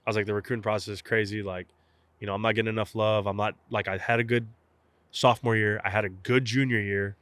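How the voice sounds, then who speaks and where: Low-voiced man telling a lively story. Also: quick pace, no echo. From South Texas. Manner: animated storyteller, acts out both sides of phone calls. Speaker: guest, professional baseball catcher. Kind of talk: casual storytelling interview.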